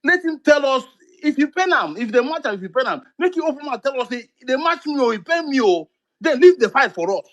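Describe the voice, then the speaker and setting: A man's voice: very high voice, very animated, fairly quick, fairly bright tone. A Nigerian man with a Nigerian accent giving impassioned political talk on a live audio chat, repeating himself and pleading. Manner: repetitive, pleading, mixes in pidgin.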